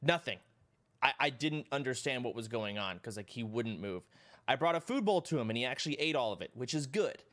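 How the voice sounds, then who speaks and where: Male streamer, casual chat, swearing a lot, rambling story, mid-pitched voice. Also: a little fast. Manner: rambling, profane, animated storytelling. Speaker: live streamer.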